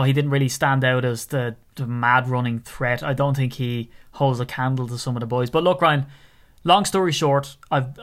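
Irish man, mid pitch, rambling casual podcast chat, joking. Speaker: podcast co-host.

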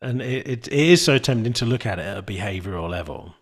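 Soft-spoken, reflective male coach host. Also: fairly low pitch, expressive, quick pace. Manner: thoughtful, searching for words, soft-spoken. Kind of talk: reflective interview talk.

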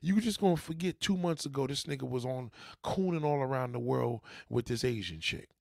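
A man's voice: medium pitch, expressive, fairly quick, vocal fry, darkish tone, no echo, studio quality. A man reacting to an interview, mocking and heckling it in a profane rant. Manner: mocking, heckling, swears heavily. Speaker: reaction commentator.

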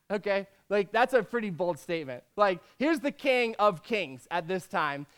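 A man's voice: sits high, big pitch swings, moderate pace, few pauses, a bit bright, clean tone. A man preaching in a casual, jokey way, reading scripture aloud between conversational asides.

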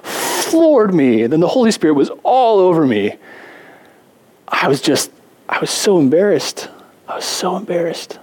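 Male pastor, relaxed conversational sermon delivery, wry self-mocking asides, mid pitch. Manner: conversational, self-deprecating humor, animated asides.

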